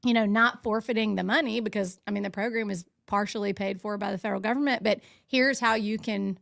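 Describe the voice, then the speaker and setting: A woman's voice: medium pitch, steady tone, a little fast, gravelly, dry recording, clean studio sound. A woman guest, a former state legal official, explaining her work in an articulate, explanatory way. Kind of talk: interview answers.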